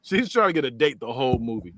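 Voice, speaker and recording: A man's voice: big pitch swings, fast talker, fairly bright tone, no echo, studio quality. A man, hosting a podcast and casually recapping a movie, laughing often and acting out the lines. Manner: laughs often, acts out quotes with big pitch jumps. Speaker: podcast host. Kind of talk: casual movie review chat.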